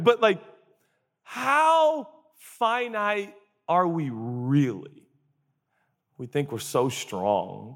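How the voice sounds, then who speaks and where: A man in his forties, a pastor giving a sermon, who mixes comic storytelling and acted-out quotes with earnest questions. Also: long reverb tail. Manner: comic storytelling, acts out groans and quotes in a high voice.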